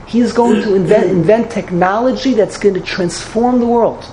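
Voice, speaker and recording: A woman teaching a Torah lecture in an animated storytelling manner, with sudden high exclamations and many Hebrew and Yiddish terms. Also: normal speed, a crowd in the background, poor audio.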